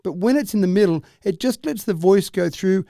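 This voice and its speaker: An Australian man explaining technology on a radio chat in a steady, chatty way. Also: sits high, a little fast, creaky, dry recording, studio quality. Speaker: technology commentator.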